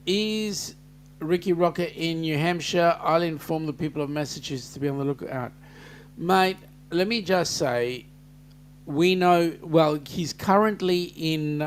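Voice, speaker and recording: A man's voice: fairly high pitch, slight background noise. An Australian man hosting a casual live-stream chat, jokey and chatty as he greets viewers by name and reads out their comments. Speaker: host.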